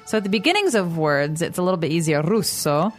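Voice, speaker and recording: A young American woman co-hosting a language podcast, explaining patiently in a relaxed, upbeat chat and laughing easily. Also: fairly low pitch, quick pace, faint music behind. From United States. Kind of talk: casual teaching chat.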